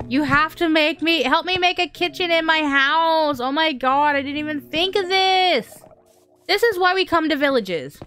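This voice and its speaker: A woman hosting a gaming channel, chatting casually and excitably through gameplay, often squealing and laughing. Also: high voice, moderate pace.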